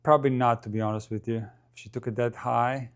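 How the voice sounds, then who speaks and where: A man's voice: medium pitch, steady tone, fairly quick. A man giving casual live commentary on a match, thinking aloud and talking to his viewers.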